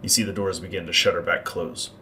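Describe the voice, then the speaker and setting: A man narrating a tabletop game as game master, describing the scene in an unhurried way. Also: low voice, level tone, bright, forceful tone, slight background noise.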